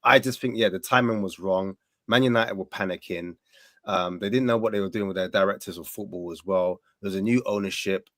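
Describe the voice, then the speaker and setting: A man talking football on a casual panel. He uses a lot of slang and acts out mock voices in lively bursts. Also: low voice, a little fast, no echo. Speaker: panelist, Tottenham fan.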